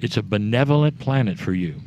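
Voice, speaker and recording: A man delivering a channeled spiritual message to a live audience, speaking in short measured phrases and addressing the listeners directly. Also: fairly low pitch, animated, warm tone, lo-fi sound, slight background noise.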